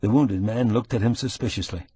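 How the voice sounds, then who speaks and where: A man narrating a cozy mystery audiobook in an even, measured storytelling way. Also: lowish voice, slightly rough, no room sound.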